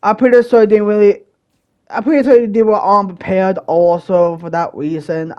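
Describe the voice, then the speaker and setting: A young man hosting his own channel, telling a personal story in a rambling, casual way, with many fillers and restarts and occasional bursts of loud exasperation. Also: sits high, normal speed, muffled recording. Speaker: channel host.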